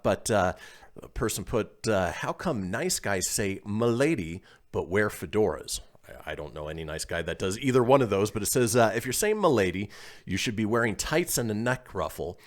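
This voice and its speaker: Male radio host, low voice with a lively swing, reads listener posts aloud and chuckles often. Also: normal speed. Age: adult, calls himself old. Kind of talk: casual radio chat.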